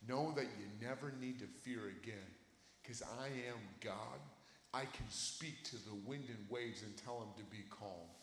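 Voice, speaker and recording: Impassioned young preacher in an echoey hall. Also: male voice, medium pitch, measured pace, slight background noise. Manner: impassioned, swings from shouting to hushed. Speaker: youth preacher. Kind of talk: sermon.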